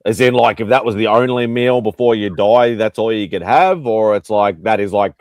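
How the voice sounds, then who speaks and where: A man's voice: fairly low pitch, normal speed, darkish tone, dry recording. A man hosting a casual livestream chat, joking and rambling as he talks. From Australia. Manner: joking, rambling, laughs often. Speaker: host.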